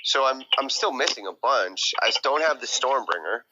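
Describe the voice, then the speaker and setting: Bright-voiced eager man chatting games. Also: mid-range voice, animated, moderate pace, muffled recording, slight background noise. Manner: eager, rambling, lists items with fillers. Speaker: stream guest. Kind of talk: casual gaming chat.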